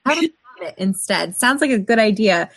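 A woman co-hosting a casual group chat, excitable and talking in quick bursts. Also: medium pitch, slightly rough, no echo.

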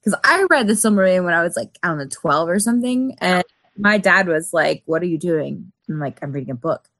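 A woman co-hosting a casual group chat, excitable and talking in quick bursts. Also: lowish voice, dry recording.

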